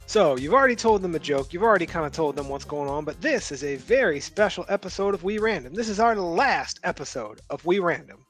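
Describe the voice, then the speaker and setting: High lively guy doing the podcast intro, bit of music under it. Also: a little fast, few pauses. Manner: upbeat, playful show-host patter. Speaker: podcast host.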